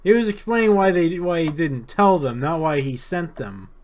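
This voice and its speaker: A man's voice: on the high side, animated, moderate pace, darkish tone. Wisecracking man co-hosting a game playthrough. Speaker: let's play co-host. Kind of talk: casual gameplay commentary.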